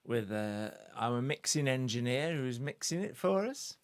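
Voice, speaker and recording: A man with a mid-range voice chats casually with his co-host. He hesitates often and fills gaps with "uh". Soft music plays faintly behind him. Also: medium pitch, expressive, measured pace, no echo. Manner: hesitant, full of "uh" fillers. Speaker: co-host, singer-songwriter. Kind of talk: casual chat.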